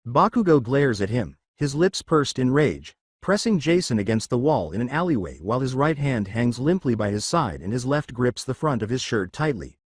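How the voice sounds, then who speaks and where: A man reads fan fiction aloud in a steady storytelling manner. His voice sits at a middle pitch with lively swings, and the recording is dry and close. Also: normal speed, few pauses, slightly rough, no room sound. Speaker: narrator. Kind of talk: scripted fan fiction narration.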